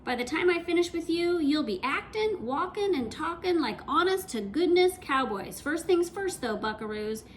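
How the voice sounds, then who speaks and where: A woman's voice: very high-pitched, lively intonation, normal speed, few pauses, slight background noise, voice pushed up. Storybook good-guy cowboy, folksy and cheerful drawl, put on by a woman reader. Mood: hearty. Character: hearty friendly male cowboy leader.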